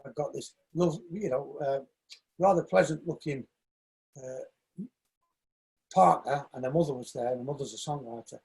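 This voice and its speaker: A man in his sixties, a shoemaker and dance coach, telling lively stories in a casual interview and acting out other people's voices. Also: mid-range voice, normal speed, creaky, pauses often, husky, low-quality recording. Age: 60s. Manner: animated storyteller, acts out quoted voices.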